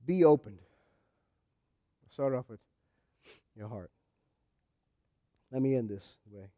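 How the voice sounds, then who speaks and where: A man preaching a sermon with passion, addressing the congregation directly and rising to shouts. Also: medium pitch, lively intonation, takes it slowly, highs cut off. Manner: impassioned, rising to shouts, speaking straight to the congregation.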